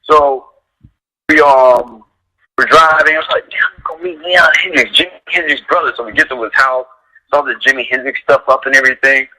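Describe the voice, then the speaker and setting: Bright-voiced man telling animated stories. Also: fairly quick, rough recording. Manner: animated storyteller, heavy use of "like", acts out quotes in a higher voice. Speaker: guest, dog trainer. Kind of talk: casual radio chat, storytelling.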